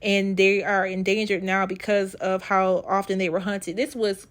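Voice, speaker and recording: A woman's voice: medium pitch, flat delivery, normal speed. A woman hosting a casual travel vlog, chatty and teasing, recorded outdoors at a wildlife park on a handheld camera. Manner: chatty, joking, teasing banter. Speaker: travel vlogger.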